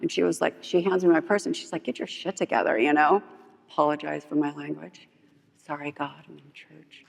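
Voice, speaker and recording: With vocal fry and a slightly fast pace, a woman candidly gives her personal testimony at a recovery meeting. She uses lots of "like" fillers and humorously acts out other people's lines in a higher voice. The sound reverberates through a large meeting hall.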